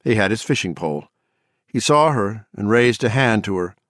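A man narrating an audiobook in a measured, dramatic storytelling manner. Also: lowish voice, animated, fairly bright tone, no echo, studio quality. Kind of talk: scripted narration.

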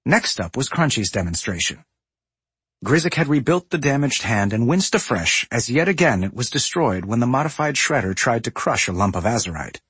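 Male audiobook narrator, lively expressive pitch, husky breathy tone, dry close sound. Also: moderate pace, no room sound. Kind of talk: scripted narration.

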